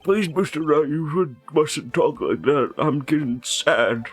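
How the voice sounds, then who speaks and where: A man's voice: a little high, animated, measured pace, breathy edge, soft background music. A man reading game dialogue aloud alongside a streamer, laughing as he goes.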